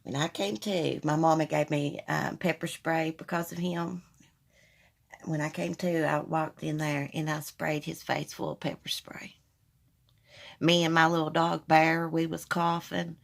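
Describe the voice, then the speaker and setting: A woman's voice: deep voice, flat delivery, a little slow, vocal fry. A woman hosting a casual live chat, candidly telling personal stories to her viewers on a phone stream. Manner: candid, storytelling, addresses viewers as y'all. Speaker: livestream host.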